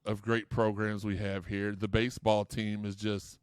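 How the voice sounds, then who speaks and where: A man's voice: on the low side, flat delivery, moderate pace, clear, resonant tone, dry recording, studio quality. A man hosting a sports podcast, chatting casually and telling rambling, jokey stories full of restarts. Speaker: podcast host. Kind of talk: casual chat.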